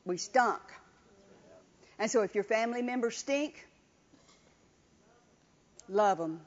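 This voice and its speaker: A woman's voice: a little high, expressive, slow. A woman preaching a sermon with emphatic repetition, calling on the congregation to answer. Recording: dull lo-fi recording.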